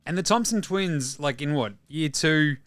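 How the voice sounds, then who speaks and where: A man's voice: on the high side, expressive, measured pace, fairly bright tone, no echo, faint music behind. An Australian man hosting a basketball podcast, talking in rambling, blunt, sweary casual commentary. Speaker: podcast host.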